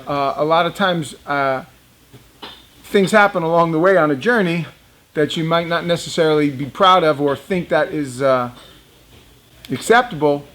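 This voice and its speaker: A man's voice: a little high, a bit bright, a little hiss or hum. A man in his fifties casually telling a personal story, chatty and laughing often, talking straight to young viewers. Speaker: reptile business owner.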